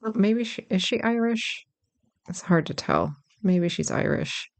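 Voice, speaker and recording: Creaky, chatty let's-play commentator. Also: mid-range voice, lively intonation, unhurried, slight background noise. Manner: chatty, self-deprecating, thinking aloud. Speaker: gameplay commentator.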